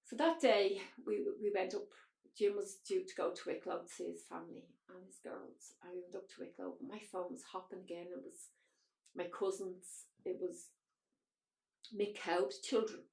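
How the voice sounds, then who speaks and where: A podcast guest, this Irish woman recounts her own experiences bluntly and emotionally, with frank swearing. Her voice is on the low side, creaky and a little mellow, with a steady tone and moderate pace, and the sound is roomy.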